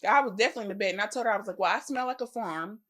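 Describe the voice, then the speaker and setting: As a podcast co-host, a young adult woman chats casually and tells stories animatedly, acting out quoted voices amid bursts of laughter. She speaks rapid-fire in a mid-range, fairly bright voice, with a little hiss or hum in the audio.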